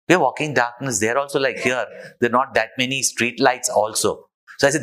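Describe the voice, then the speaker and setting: A man's voice: mid-range voice, moderate pace, fairly bright tone, rough recording. A man, a spiritual teacher, telling an anecdote in a sermon and drawing a moral from it. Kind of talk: sermon storytelling.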